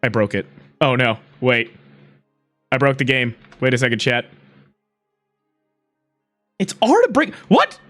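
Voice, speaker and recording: Livestreamer, slow-talking, very animated pitch, excitable, laughs a lot, faint music behind. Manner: excitable, laughing often, swearing casually. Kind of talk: casual livestream chat.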